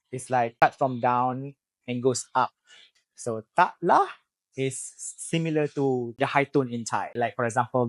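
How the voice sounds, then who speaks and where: A man's voice: mid-range voice, no echo. A man gives a casual spoken language lesson, explaining patiently and drawing out words to show tones. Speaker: language teacher. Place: in Bangkok, Thailand.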